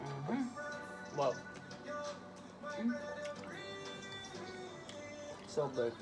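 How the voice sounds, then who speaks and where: A woman's voice: deep voice, very animated, drawn-out words. A young woman with a Jamaican accent, rambling and chatty as she vlogs casually to her viewers. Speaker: vlogger. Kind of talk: casual vlog chat. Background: music.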